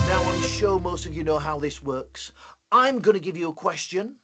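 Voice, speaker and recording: A man's voice: high-pitched, animated, normal speed, bright, forceful tone, faint music behind. A man hosting a live online punctuation lesson for schools, upbeat and playful. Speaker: host and teacher.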